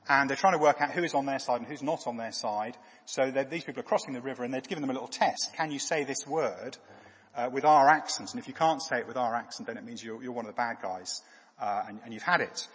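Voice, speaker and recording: A man preaching a sermon in a halting way, with frequent fillers and restarts. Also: a little high, fairly bright tone, breathy edge, big-room sound.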